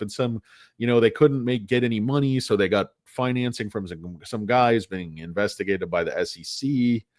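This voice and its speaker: A man's voice: mid-range voice, darkish tone, dry recording, studio quality. A man hosting a casual livestream show about stocks, rambling, joking and poking fun at himself. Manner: joking, rambling, self-mocking.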